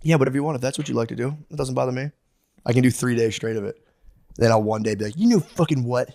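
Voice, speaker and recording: A man's voice: mid-range voice, fairly even intonation, racing, vocal fry, warm tone, no room sound, studio quality. A man in his thirties co-hosting a podcast, rambling through stories and acting out what people said, swearing freely. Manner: rambling, acts out quoted voices, swears freely. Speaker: podcast co-host. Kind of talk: casual comedic chat.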